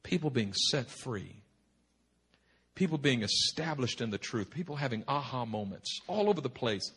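Husky-voiced male preacher telling stories. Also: medium pitch, moderate pace. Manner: animated, humorous, rambling with frequent restarts. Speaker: pastor. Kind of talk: sermon storytelling. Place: retreat meeting hall.

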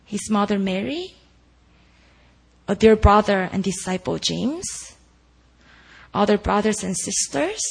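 A woman delivers a sermon at an unhurried, deliberate pace, with a gravelly, creaky edge to her voice. She speaks earnestly and keeps asking the listeners rhetorical questions. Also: mid-range voice, low-quality recording. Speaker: preacher. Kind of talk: sermon at a prayer meeting.

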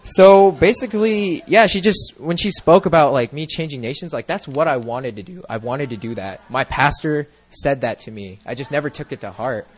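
A young man giving a personal testimony into a microphone at a church gathering, earnest and rambling, full of "like" and "you know" and quick to laugh. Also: on the high side.

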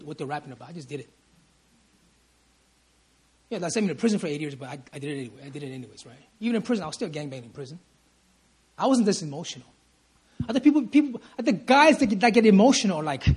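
A man preaching a church sermon in a high, husky voice. He presses his points hard, repeats them, and keeps calling for "amen". His phrases often break and restart as his feeling rises. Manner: emphatic, repeats lines and asks "Amen?" for response. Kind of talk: sermon at a prayer meeting. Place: church service.

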